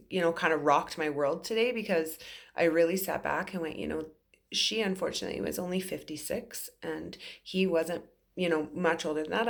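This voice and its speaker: A woman's voice: lowish voice, vocal fry. A woman in her forties, a psychic medium, telling an emotional story to camera in an earnest, rambling way with many fillers. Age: 40s.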